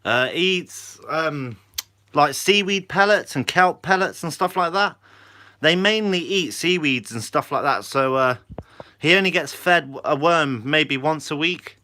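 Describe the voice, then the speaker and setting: A young man hosts a casual live stream, reading out viewer questions and answering them in an easygoing, chatty way. His voice is bright and forward, sitting a little high for a man. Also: expressive, a little slow. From Guernsey, Channel Islands. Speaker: fishing channel host.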